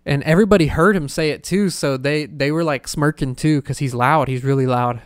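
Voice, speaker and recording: A man's voice: fairly high pitch, brisk, smooth, dry recording, studio quality. A young man hosting a podcast, telling stories in a rambling casual way full of filler words. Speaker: podcast host. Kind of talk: casual storytelling chat.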